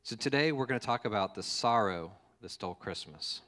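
Male pastor, lower voice, chatty sermon delivery with plenty of fillers. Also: animated, fairly quick, fairly bright tone, big-room sound. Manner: casual, joking, fond of fillers and restarts. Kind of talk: conversational sermon.

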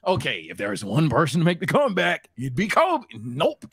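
A man co-hosting a podcast, talking sports in an excitable, profane way. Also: normal speed, few pauses, husky, dry recording, clean studio sound. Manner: excitable, profane, jumps up in pitch. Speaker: podcast co-host. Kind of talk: casual sports chat.

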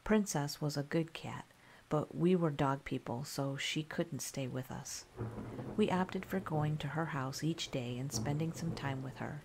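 A woman narrating a scary story in a calm, soft-spoken ASMR style. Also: low voice, a little slow, slight background noise.

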